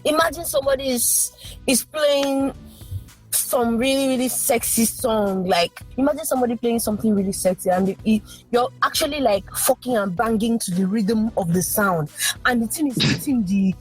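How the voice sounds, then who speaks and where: A young adult woman guest on a podcast, talking frankly and emphatically in casual chat, with fast animated bursts. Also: a little high, soft background music.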